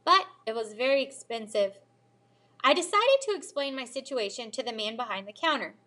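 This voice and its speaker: A woman teacher reading a children's novel aloud in an expressive storytelling manner. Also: a little high, normal speed. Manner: expressive storytelling, lively character voices.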